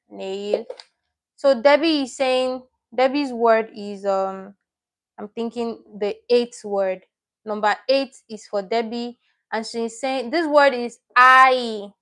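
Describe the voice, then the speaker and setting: A woman teaching a live online language lesson, patient and repeating each word as she explains it step by step. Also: fairly high pitch.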